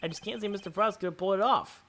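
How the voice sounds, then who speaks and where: A man's voice: high voice, fast, sharp tone, slight background noise, voice pushed up. A man voicing Eddie, a timid young male chef apprentice, reading game dialogue aloud in a hesitant, wondering way.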